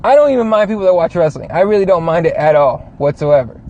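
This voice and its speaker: A man's voice: sits high, animated, quick pace, darkish tone, lo-fi sound. A man hosting a show from a car, ranting casually with lots of swearing, rambling and reading chat comments aloud. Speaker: show host. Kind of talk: casual profane rant.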